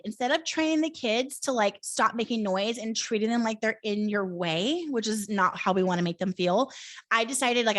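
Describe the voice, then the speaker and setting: A woman's voice: a little high, a bit bright, no room sound. A woman in her thirties hosting a live coaching talk, casual and encouraging, with many fillers. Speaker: host.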